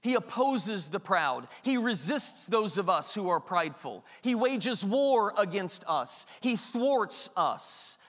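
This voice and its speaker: Man preaching, high-pitched voice, emphatic repetition, rhetorical questions, long hall reverb. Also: very animated, takes it slowly, hardly any pauses, fairly bright tone. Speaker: pastor. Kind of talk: sermon.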